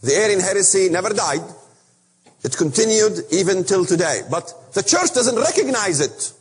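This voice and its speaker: A man preaching an impassioned sermon, emphatic and repetitive in a husky voice. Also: high voice, big pitch swings, moderate pace. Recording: echoey hall.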